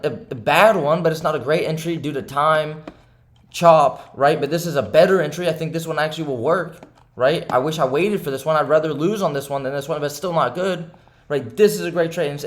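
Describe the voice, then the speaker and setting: A young man who day-trades, talking over his charts to viewers after a bad day, frustrated and upset, repeating himself and asking "right?" again and again. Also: a little high. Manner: repetitive, keeps asking "right?", swings between heated and subdued. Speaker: day trader and channel host. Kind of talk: frustrated self-talk to camera.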